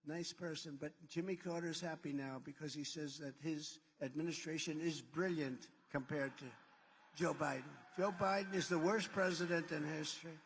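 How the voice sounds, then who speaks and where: High-voiced man giving a rally speech. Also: steady tone, moderate pace, a bit bright, husky. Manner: boastful, repetitive superlatives; rambling asides. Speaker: political candidate. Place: large rally venue. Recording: long reverb in a large hall.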